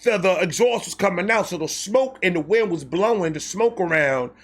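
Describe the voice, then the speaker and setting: A young man telling a casual, comedic story, animated, acting out quotes with slang and swearing. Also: sits high, normal speed. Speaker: storyteller host.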